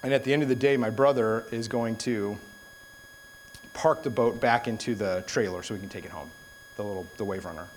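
A man's voice: lowish voice, fairly quick, slight background noise, poor audio. A young adult man giving a sermon, telling a story in a casual way and then turning it into an earnest exhortation. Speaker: preacher.

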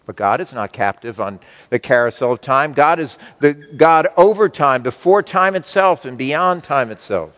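A man preaching a sermon to his congregation, slow and emphatic, with wide swings between loud and soft. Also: medium pitch, expressive, long reverb tail. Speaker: pastor.

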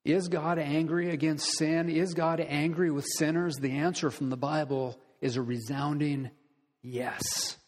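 A pastor with a slightly high, steady male voice preaches an earnest, deliberate sermon, putting direct questions to his listeners. The recording carries the long reverb of a large hall.

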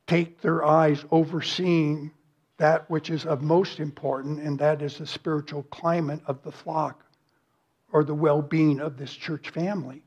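A man's voice: on the high side, highs cut off. A man preaching a sermon as pastor, earnest and emphatic, with rhetorical questions and lists.

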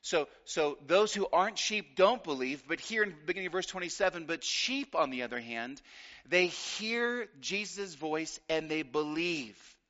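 A man preaching a sermon, emphatic, with deliberate pauses and repeated phrases. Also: a little high, lively intonation, sharp tone, lo-fi sound. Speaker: pastor.

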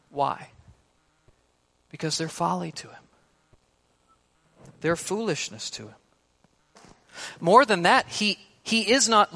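A man preaching an expository sermon, emphatic and shifting between loud stresses and hushed words. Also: fairly high pitch.

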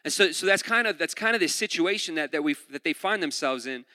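Bright-voiced casual preacher in a hall. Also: male voice, fairly high pitch, expressive, quick pace, clean studio sound. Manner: casual, uses "like" often, repeats words. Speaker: pastor. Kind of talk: conversational sermon.

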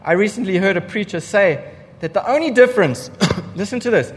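A man's voice: sits high, animated, a little fast, few pauses, long reverb tail. A man preaching a sermon as pastor, emphatic, repeating key lines for effect and putting rhetorical questions to the congregation.

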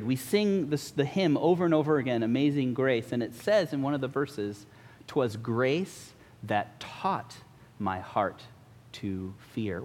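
A man preaching a sermon to his congregation, earnest and searching, often pausing with fillers and restarts. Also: medium pitch. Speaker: pastor. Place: church. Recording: long reverb of a church hall.

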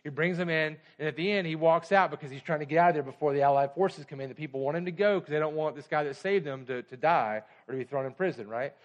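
High-voiced man preaching with urgency. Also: quick pace, few pauses, highs cut off. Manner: conversational storytelling asides. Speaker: pastor. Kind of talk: sermon.

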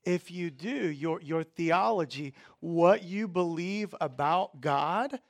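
Pastor guy preaching, high-ish voice, earnest, stumbles and repeats words. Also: slow, hardly any pauses, no echo, clean studio sound. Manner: earnest, repeats words often, swings from quiet to emphatic. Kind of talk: sermon.

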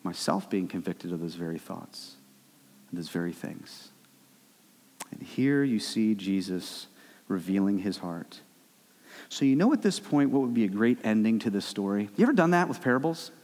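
A man's voice: fairly low pitch, normal speed. Man preaching in a big echoing hall. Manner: animated preaching, rising and dropping sharply. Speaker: pastor. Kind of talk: sermon. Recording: long hall reverb.

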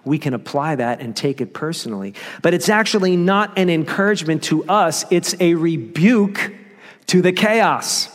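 Male pastor preaching a sermon, slightly high voice, emphatic, dropping low for key lines, long hall reverb. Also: lively intonation, moderate pace.

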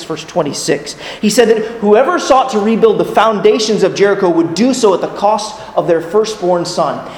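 A man's voice: sits high, slight background noise. A man preaching a sermon as a pastor, earnest in tone, putting rhetorical questions to his listeners. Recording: echoey hall with long reverb.

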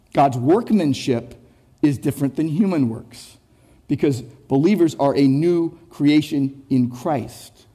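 A man delivers an expository sermon in a notably high voice with a soft, mellow tone. He stresses his points by repeating phrases and often restarts words mid-thought. He asks his listeners questions directly. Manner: emphatic, repetitive phrasing with frequent word restarts; rhetorical, addresses listeners directly. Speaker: pastor.

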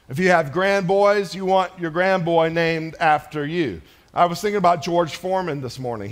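Middle-aged male pastor, slightly high voice, chatty and playful from the pulpit. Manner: conversational and joking, addressing a congregation. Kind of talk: sermon.

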